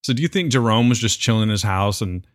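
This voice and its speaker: Quick, animated male co-host with dry, close sound. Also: fairly low pitch, dry recording. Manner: storytelling, animated quoting of others. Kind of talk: casual chat.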